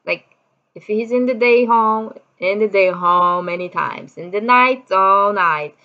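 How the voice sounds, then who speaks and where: A middle-aged Brazilian woman with a Brazilian Portuguese accent tells a personal story in a chatty way, full of "you know" fillers and acted-out quotes. Her voice is medium-pitched and a little slow, and the audio sounds dull.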